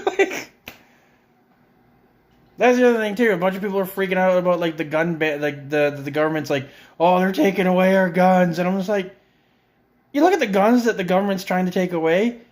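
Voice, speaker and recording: A man's voice: high-pitched, very animated, moderate pace, pauses often. A middle-aged man in a friend's house, ranting with heavy swearing, exasperated and sarcastic. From Canada. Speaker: vlogger. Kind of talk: profane comedic rant.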